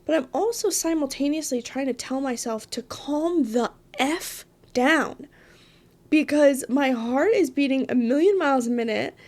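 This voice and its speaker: A woman hosting a solo podcast, telling a story in a dramatic, animated way with asides. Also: sits high, measured pace. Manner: animated, dramatic retelling with frequent laughs and asides. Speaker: podcast host.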